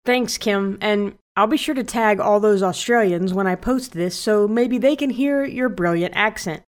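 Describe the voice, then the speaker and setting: A woman's voice: mid-range voice, moderate pace. A woman hosting a podcast, explaining a phrase's origin in a light, teasing way. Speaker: podcast host. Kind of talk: scripted explainer narration.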